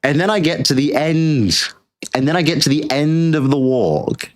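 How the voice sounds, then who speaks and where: A British man with a somewhat high voice, speaking at normal speed, rants through a casual monologue on his own show. He's blunt, swears freely, and keeps repeating phrases as he goes.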